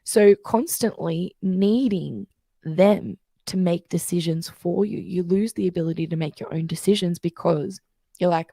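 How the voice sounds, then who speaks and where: A woman's voice: on the low side, measured pace, gravelly, warm tone, breathy edge, no room sound, clean studio sound. A woman guest coach explaining things in casual interview chat, telling stories and acting out the voices she quotes.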